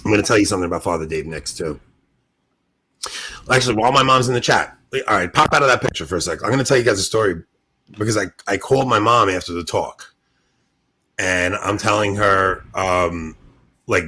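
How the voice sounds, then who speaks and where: A man co-hosting a podcast, telling stories in an excited, animated way and laughing often. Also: low voice, a little fast. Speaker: podcast co-host. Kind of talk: casual podcast chat.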